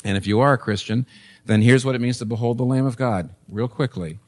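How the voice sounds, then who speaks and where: A man's voice: medium pitch, fairly quick, a little mellow. Emphatic male preacher. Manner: emphatic, with repeated phrases and rhetorical questions. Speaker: pastor. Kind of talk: sermon. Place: church.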